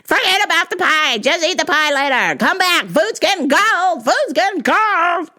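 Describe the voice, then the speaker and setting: A woman mimicking a shrill nagging mom. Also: lively intonation, normal speed, sharp tone, exaggerated voice. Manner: shrill, insistent repeating. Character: fussy nagging mother on the phone.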